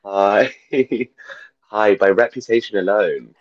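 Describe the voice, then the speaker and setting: Hoarse deep-voiced young comedian. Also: male voice, takes it slowly, no echo, highs cut off. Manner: rambling, self-deprecating, full of fillers. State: hoarse, losing his voice. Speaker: guest comedian. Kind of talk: casual chat. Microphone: video call.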